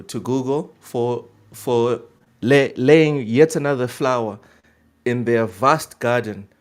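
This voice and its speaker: A man co-hosting a casual gaming podcast, animated and joking, swearing freely. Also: medium pitch. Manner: animated, swears, laughs a lot. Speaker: podcast co-host.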